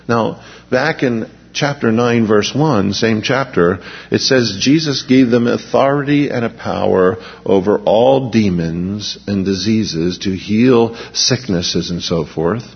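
A man preaching a sermon, reading scripture aloud and breaking into relaxed, conversational stories and asides. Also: fairly low pitch, measured pace, creaky, breathy edge. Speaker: pastor. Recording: dull lo-fi recording with long reverb.

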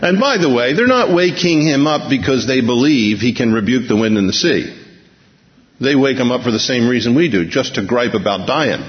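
A man preaching a sermon in a storytelling way, acting out the lines of the people in the story and changing his pace and loudness. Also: medium pitch, lively intonation, moderate pace. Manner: storytelling, acts out quotes with shifting pace and volume. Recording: dull, muffled sound in a long-reverb hall.

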